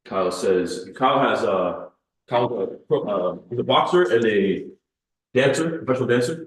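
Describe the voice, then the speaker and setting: A man's voice: mid-range voice, lively intonation, reverberant, a little hiss or hum, low-quality recording. A man co-hosting a casual live stream who reads out viewer questions, hesitant and full of fillers. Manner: quick, hesitant, with many fillers. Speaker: co-host reading viewer questions.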